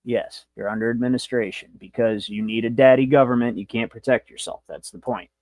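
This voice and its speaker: A man's voice: medium pitch, steady tone, brisk, a little mellow, no echo. A man hosting a livestream, lecturing in a brash, rambling, profane way. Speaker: show host.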